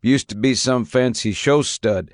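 A man's voice: mid-range voice, unhurried, dry recording, studio quality, lightly acted. A man voicing a wry, edgy Native American father in an audiobook.

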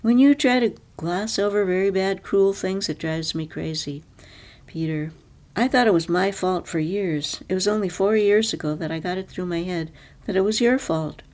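A woman reading the lines of a sharp-tongued, weary middle-aged wife in a storybook reading, clipped and self-deprecating. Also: lowish voice, normal speed, close to an everyday voice. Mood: accusing.

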